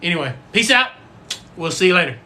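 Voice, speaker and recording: Folksy, bright-voiced man. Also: high voice, very animated, fairly quick, slight background noise. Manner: folksy, cussing, rambling. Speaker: livestream host and football coach. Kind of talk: casual livestream chat.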